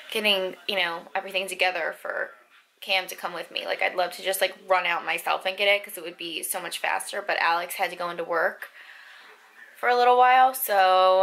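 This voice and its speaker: A woman in her twenties, a lifestyle vlogger and young mother, chats casually to the camera at home. Her lowish voice is gravelly yet a bit bright, the recording is rough, and her talk is full of "like" and "um."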